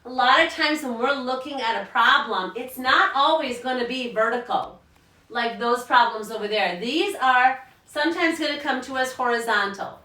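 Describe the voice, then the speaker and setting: A woman teacher records a math lesson for children learning at home. Her voice is bright and slightly high, and she coaxes the kids along in an upbeat, encouraging way. She sounds a little distant from the mic, in an echoey room. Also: moderate pace.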